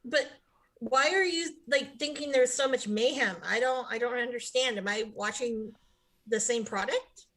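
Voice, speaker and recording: A woman's voice: a little high, normal speed, fairly bright tone. A woman co-hosting a casual podcast, asking puzzled questions. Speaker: podcast co-host. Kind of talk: casual chat.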